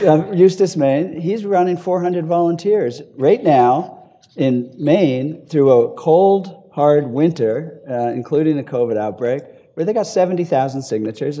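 Panelist, man, mellow voice, lively anecdotes in a ballroom. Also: medium pitch. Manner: animated storyteller, quick asides and chuckles. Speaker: panelist, advocacy group leader. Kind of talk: panel discussion. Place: hotel ballroom.

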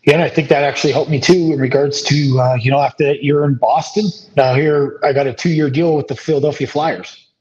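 A man's voice: a little high, a little fast. A man, a former pro hockey player, telling a long anecdote as a guest, loose and rambling, full of ums and restarts. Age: 30s. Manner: rambling, relaxed anecdotes with many fillers. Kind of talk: casual storytelling interview. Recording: slightly dull lo-fi sound.

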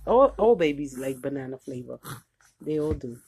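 A woman's voice: a bass voice, lively intonation, normal speed, darkish tone, a little hiss or hum. An older woman, a grandmother, chatting playfully and cooing at her grandson while feeding him. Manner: playful, cooing and teasing at the baby. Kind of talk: casual talk while feeding a baby.

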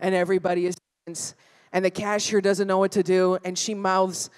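Lady comic, foul-mouthed, ribbing the crowd live on stage, middle pitch. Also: brisk. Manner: brash, profane, crowd-teasing. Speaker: stand-up comedian. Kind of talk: stand-up comedy set. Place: live comedy venue.

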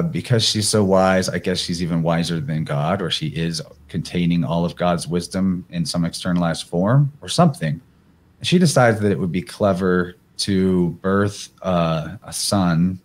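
Male presenter, low voice, casual talk, reads from slides between asides. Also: a little mellow. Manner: rambling, thinks aloud with fillers; reads passages aloud from slides. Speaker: podcast guest presenter.

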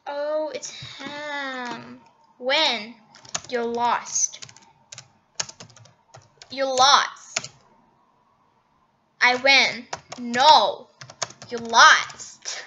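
High, bright-voiced woman gaming excitedly. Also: extremely slow, long pauses, muffled recording, a little hiss or hum. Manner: excitable, gasping and laughing at her own mistakes. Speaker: gaming channel host. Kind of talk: casual game commentary.

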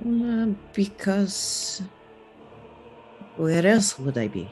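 A man playing a tabletop game, speaking slowly and hesitantly in a playful manner. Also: high voice, very animated, a little mellow, soft background music. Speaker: player. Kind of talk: casual chat in a tabletop game.

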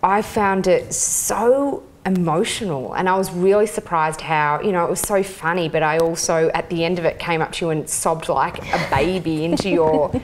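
A woman hosting a casual interview, her voice sitting fairly low. She speaks effusively, stopping and restarting with lots of fillers. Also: normal speed, few pauses, a little hiss or hum.

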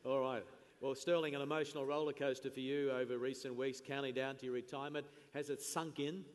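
A man's voice: mid-range voice, flat delivery, a little fast. A man hosting an on-stage interview at an awards lunch, with an upbeat, jokey presenter manner. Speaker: event MC and interviewer. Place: large function hall at a lunch event. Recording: long reverb in a big hall, faint room noise.

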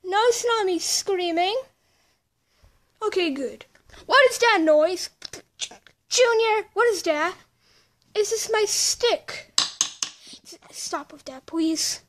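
A woman's voice: extremely high pitch, animated, takes it slowly, pauses often, a bit bright. A young woman doing playful childlike voices in a homemade play, shifting between several characters.

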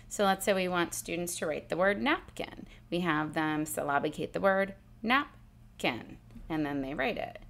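A woman teacher calmly explaining a spelling exercise step by step, sounding out letters and sounds as she goes. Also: low voice, creaky. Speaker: literacy teacher. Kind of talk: instructional demonstration.

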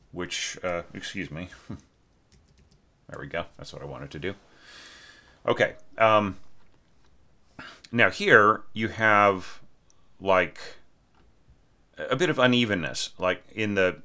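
A man's voice: deep voice, sharp tone, smooth. A man teaching orchestration, casually critiquing a student's score with many restarts and tag questions. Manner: conversational, lots of "right?" and restarts, sings phrases.

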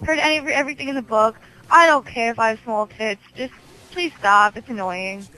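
A woman in her early twenties leaving an angry voice message over a game headset, yelling insults and then complaining wearily. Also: fairly high pitch, expressive, fairly quick, rough recording. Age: early 20s.

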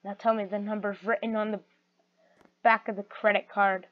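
A woman's voice: medium pitch, level tone, moderate pace, close to an everyday voice. A woman voicing a sly, scheming rat con artist who talks in a wheedling, menacing way. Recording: muffled lo-fi recording.

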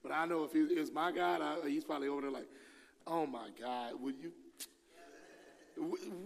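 A man's voice: a little high, brisk, gravelly. Man preaching casually in a reverberant church. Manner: conversational, acts out quoted voices with slang. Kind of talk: sermon. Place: church hall.

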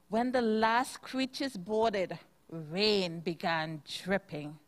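A woman reading a rhyming picture book aloud to children at a church service, in a slow sing-song manner, pausing to ask them questions. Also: mid-range voice.

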